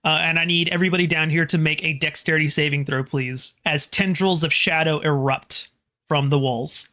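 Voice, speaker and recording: Bright voiced gm running a spooky tabletop game, kinda halting, restarts a lot. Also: mid-range voice, steady tone. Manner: halting, restarts phrases while describing the scene. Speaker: game master.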